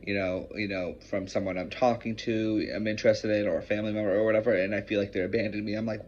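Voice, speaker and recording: A man's voice: lowish voice, fairly even intonation, fast talker, hardly any pauses. A man talking in a personal confessional vlog, emotional and rambling, often swearing. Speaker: vlogger. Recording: muffled with faint hiss.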